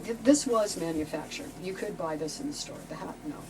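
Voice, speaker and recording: Older woman guest, late 60s, lowish voice, chatty anecdotes, mic at a distance with clear background noise. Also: fairly quick. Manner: chatty, animated, acts out quoted voices. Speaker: interview guest, former visual merchandiser. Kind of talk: casual storytelling chat.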